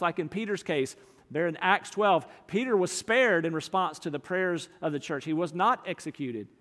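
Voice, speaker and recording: A man's voice: sits high, a bit bright. A male pastor preaching a sermon, earnest and emphatic, often repeating words as he builds a point. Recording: long hall reverb.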